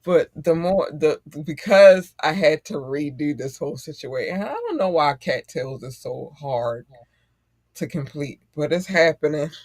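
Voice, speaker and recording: A middle-aged man hosting a casual podcast chat, animated and profane and quick to laugh. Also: on the high side, no room sound, clean studio sound. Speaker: podcast host.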